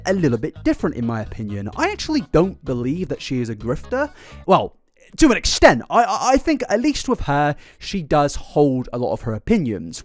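A British man giving sarcastic commentary in a slightly high voice that swings up and down all the time. He sounds animated, tripping over words and repeating himself as he goes. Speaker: commentary YouTuber. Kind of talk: reaction commentary.

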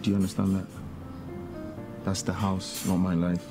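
A man's voice: low voice, monotone, normal speed, natural voice. An actor playing an earnest young man in love. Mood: pleading. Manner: earnest, pleading, reassuring. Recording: guitar music under the voice.

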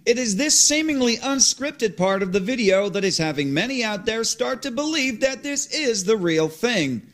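A formal television news reporter reads in a steady broadcast cadence, set a little higher, as a man plays him. The tone is clean and official. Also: normal speed, full character voice.

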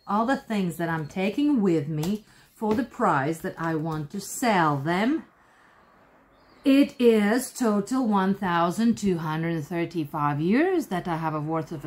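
Woman, 30s-40s, casual home crochet vlog, rambling and chatty. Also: mid-range voice. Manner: chatty, rambling, many fillers and restarts. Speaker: crochet vlogger. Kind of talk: casual chat.

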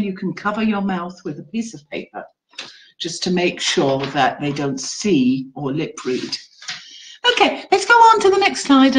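A woman teacher trainer presenting an online webinar in an animated, encouraging classroom-teacher manner. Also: medium pitch, poor audio.

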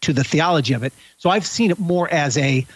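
A man's voice: on the high side, expressive, fairly quick, breathy edge, poor audio. A man thinking aloud as a panelist in a casual roundtable discussion over a video call. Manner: thinks aloud, self-correcting.

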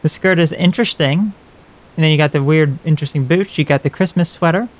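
A man's voice: on the high side, a little fast. A man casually commenting as he plays a horror game, talking wryly to its characters. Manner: wry, chatty remarks to game characters. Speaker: let's play host.

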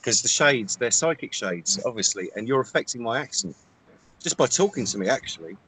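A man co-hosting an improvised comedy chat, with a dry and playful deadpan manner. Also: mid-range voice, a little fast, husky. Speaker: comedy co-host.

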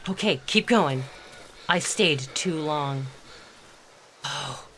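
A woman's voice: deep voice, very slow, long pauses, pushed and bright, slight background noise. A woman playing a horror game and commenting as she goes, tense and swearing, talking to herself and to the game. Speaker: let's play gamer.

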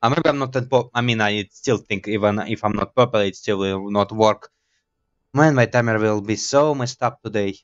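A man's voice: lowish voice, normal speed, highs cut off. A man doing let's play commentary as a gaming YouTuber, rambling and teasing himself. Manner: rambling, self-mocking chatter.

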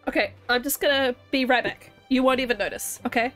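A woman streaming a game, chatting and thinking aloud excitedly, a little under the weather. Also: fairly high pitch, racing, hardly any pauses, soft background music. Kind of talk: casual game commentary.

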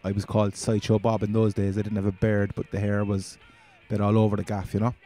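A man's voice: on the low side, completely flat delivery, quick pace, warm tone. A man with a Cork accent, chatting casually and rambling through his first gaming commentary as a channel host. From Ireland.

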